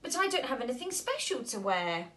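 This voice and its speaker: Woman reading storybook fairy, bubbly, sweet, high and swooping. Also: sing-song, fairly quick, fairly bright tone, distant mic. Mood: excited.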